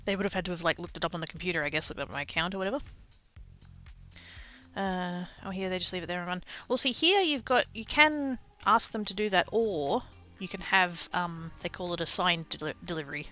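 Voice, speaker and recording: A woman's voice: on the low side, a little fast, bright, forceful tone, soft background music. An Australian woman livestreaming, telling a story in rambling casual chat, swearing freely and poking fun at herself.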